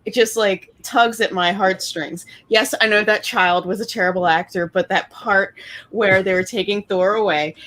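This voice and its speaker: A woman in her forties, animated and chatty, in a casual movie discussion, acting out quotes as she goes. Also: medium pitch, moderate pace.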